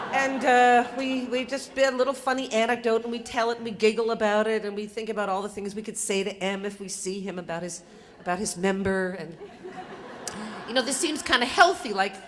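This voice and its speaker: A woman's voice: on the high side, a little hiss or hum. An older woman telling a personal story live on stage, in a conversational, self-mocking way with lots of fillers. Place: theater stage. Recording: live stage recording in a reverberant hall.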